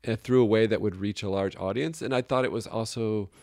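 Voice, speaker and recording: A man's voice: on the low side, brisk, vocal fry, darkish tone, dry recording, studio quality. A man co-hosting a casual podcast chat, joking and rambling, often breaking into laughter. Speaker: podcast co-host. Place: Chicago area.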